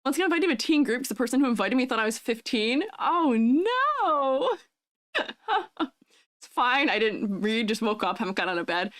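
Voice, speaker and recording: A young adult woman VTuber streamer with a high, youthful-sounding voice, chatting with viewers in a bubbly, giggly way. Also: big pitch swings, normal speed, a bit bright, no room sound, clean studio sound. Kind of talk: casual live-stream chat.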